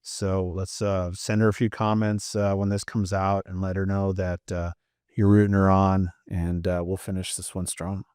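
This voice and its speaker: A man's voice: low-pitched, flat delivery, normal speed, darkish tone, clean tone, no room sound, studio quality. A man with a Canadian accent co-hosting a podcast in casual chat, rambling along with many fillers and restarts. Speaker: podcast co-host and mindset coach.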